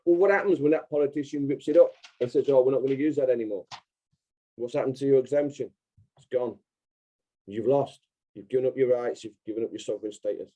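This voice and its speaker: A man with a mellow, warm tone talks as a podcast guest. He presses his points hard and repeats them for emphasis, in casual interview talk. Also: medium pitch, fast talker, muffled recording.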